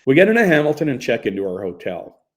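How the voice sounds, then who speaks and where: A man narrates an audiobook in the first person, relaxed and conversational. His voice sits in a middling male register. The delivery stays easy and story-driven. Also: mid-range voice, fast talker.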